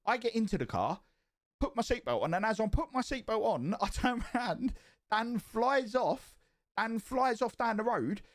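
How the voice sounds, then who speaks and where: Brief: male streamer, casual storyteller, slightly higher voice, profane and animated. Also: normal speed. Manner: profane and animated, rising excitement.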